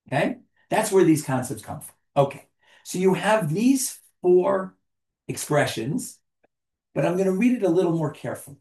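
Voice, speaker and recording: Male teacher, fairly high voice, quizzes and jokes with the class, roomy echo. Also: animated, normal speed, darkish tone. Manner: asks the group questions and jokes with them. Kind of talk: interactive class talk.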